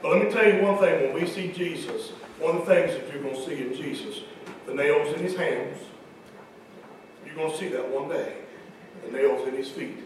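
A man's voice: a little high, moderate pace, a little hiss or hum. A man preaching a folksy sermon to his congregation, chatting with members between passages. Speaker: pastor. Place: large church hall. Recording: echoey hall from far off.

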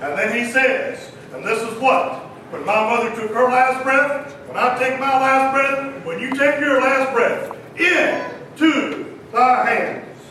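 High-voiced preacher in an echoey hall. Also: male voice, measured pace, distant mic, a little hiss or hum. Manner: dramatic, swings from shouting to hushed. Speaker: pastor. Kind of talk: sermon.

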